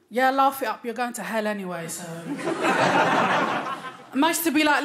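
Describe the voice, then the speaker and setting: A woman in her thirties with a London accent, performing a stand-up comedy set with a cheeky, deadpan delivery. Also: high-pitched, normal speed, pauses often, slight background noise. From London, England. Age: 30s. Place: small comedy club stage. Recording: live club recording with loud crowd. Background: loud audience laughter and applause.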